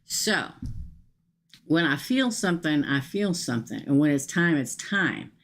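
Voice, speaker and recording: A woman's voice: low-pitched, animated, a little slow. A middle-aged woman hosting a live-streamed tarot reading, chatty and emphatic, often checking in with her viewers. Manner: chatty and emphatic, frequent "okay?" asides.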